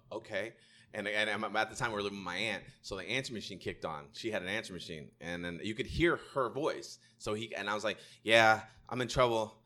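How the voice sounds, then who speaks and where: Bright sharp-voiced guy in his 40s, slangy animated storyteller on a podcast. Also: lowish voice. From Sacramento, California. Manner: animated, slangy, laughs through his stories. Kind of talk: casual storytelling chat.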